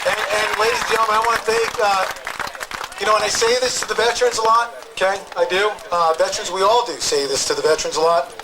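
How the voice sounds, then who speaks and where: Brief: high-pitched male host working a loud outdoor crowd, emphatic, rambling. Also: steady tone, fast talker, noisy background. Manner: emphatic, rambling, repeats "okay?". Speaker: talk show host interviewing protesters. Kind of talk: open-mic crowd address.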